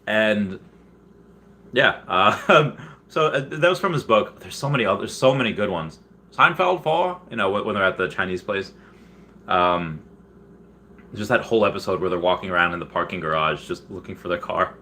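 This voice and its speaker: A man with a fairly low but bright, forceful voice hosts a loose livestream, chatting through viewer comments. He rambles, restarts his sentences and laughs often, and sometimes jumps into high, loud voices when he quotes someone. A faint hiss of noise sits under his voice. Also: animated, moderate pace. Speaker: livestream host. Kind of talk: casual livestream chat, reading viewer comments.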